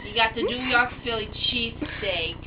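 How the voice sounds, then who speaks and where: A woman's voice: a little high, moderate pace, distant mic, lightly acted. A woman playing a brash, rambling middle-aged East Coast mom in an improvised home comedy skit, boasting and mixing up places. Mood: boastful. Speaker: talk show guest. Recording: muffled, hissy home camera audio, off-mic.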